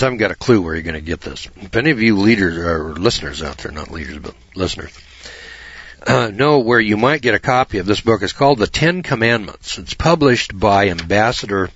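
A man hosting a talk show, rambling in a folksy, digressive way about scripture with many pauses and restarts. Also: sits low, fairly bright tone, breathy edge, no room sound, highs cut off.

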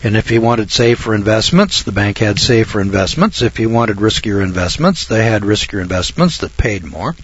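An older man telling a folksy anecdote, halting and rambling, often clearing his throat and slowing down for the punchlines. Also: fairly low pitch, lively intonation, highs cut off. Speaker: storyteller.

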